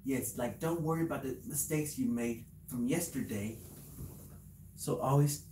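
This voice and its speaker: A man's voice: medium pitch, steady tone, moderate pace, mellow, echoey room, a little hiss or hum, rough recording. A man talking to camera in a casual vlog, handing out earnest life advice in a rambling, repetitive way, with many restarts. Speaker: video creator. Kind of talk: casual motivational talk to camera.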